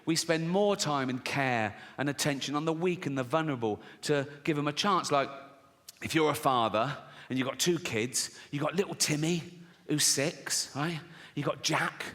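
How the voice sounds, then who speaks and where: Male stand-up, brash and sweary, bright voice, theatre reverb. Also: fairly high pitch, moderate pace. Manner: brash, sweary, mock-outraged. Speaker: stand-up comedian. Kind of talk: stand-up routine. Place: large theatre stage. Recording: live hall with reverb.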